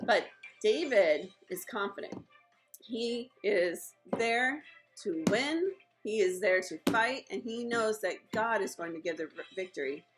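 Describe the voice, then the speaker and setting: Young woman, kids' Bible teacher, chatty and animated storyteller, mid pitch, faint music underneath. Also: a little slow, poor audio. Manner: lively, chatty, acts out characters' lines. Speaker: children's ministry teacher. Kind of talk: retelling a Bible story for kids. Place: at home.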